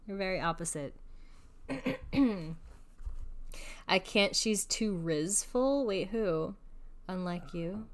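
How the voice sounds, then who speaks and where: A woman's voice: medium pitch, expressive, takes it slowly, pauses often. A young adult woman streaming a video game, chatty and giggly, cooing at her cat between comments. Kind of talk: casual live-stream chat.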